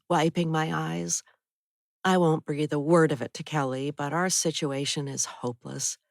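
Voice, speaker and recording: Low-voiced woman narrating an audiobook. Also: gravelly, no echo, clean studio sound. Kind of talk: first-person scripted narration.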